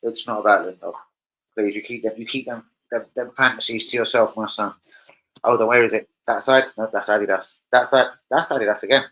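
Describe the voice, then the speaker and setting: A man's voice: fairly low pitch, fairly even intonation, a little fast, pushed and bright, poor audio. A man hosting a casual fan live stream, crude and rowdy, joking with his chat. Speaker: fan channel host. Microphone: streaming setup.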